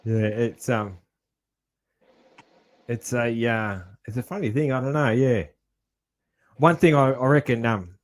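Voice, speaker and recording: A man's voice: mid-range voice, a little slow, long pauses. A man with an Australian accent, co-hosting a podcast in a rambling, laid-back casual chat and swearing now and then. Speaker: podcast co-host.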